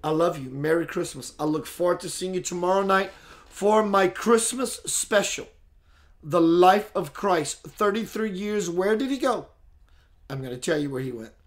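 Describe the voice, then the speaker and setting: A middle-aged man delivering a channeled spiritual message in slow, deliberate, rhyming phrases. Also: high voice, expressive.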